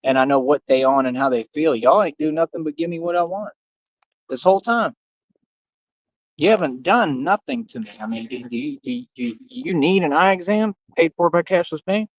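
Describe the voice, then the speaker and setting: Man, somewhat high voice, slangy direct-address stream rant, dry muffled lo-fi sound. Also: lively intonation, moderate pace, no room sound. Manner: street slang, repetitive, talks straight to viewers. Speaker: livestream host. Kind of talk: casual livestream rant.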